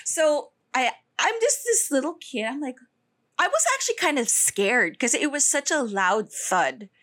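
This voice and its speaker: A young woman co-hosting a podcast, telling a story in animated casual chat, swearing freely and slipping in Tagalog phrases. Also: high-pitched, a little slow. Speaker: podcast co-host.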